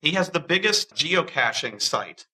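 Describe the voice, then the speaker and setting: Man, casual storytelling, animated, bright, acts out quotes. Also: on the high side, measured pace, husky, rough recording. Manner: animated, acts out quoted voices, many restarts. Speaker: interviewee.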